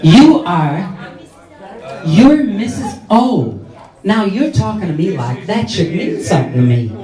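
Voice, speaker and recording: Slow and exaggerated, with a high voice and big pitch swings, a man performs as a brash, catty drag queen hostess doing sarcastic, mock-haughty crowd work. It takes place in a pub or club function room before a live audience. A distant audience camera records the echoey room and the loud laughter and chatter.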